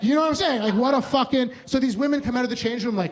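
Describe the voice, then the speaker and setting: A man from Hamilton, Ontario, performing live stand-up comedy in a rambling, profane, excitable way. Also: very high voice, brisk, few pauses, poor audio. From Hamilton, Ontario, Canada. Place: small bar stage with live audience. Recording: live bar set with crowd noise.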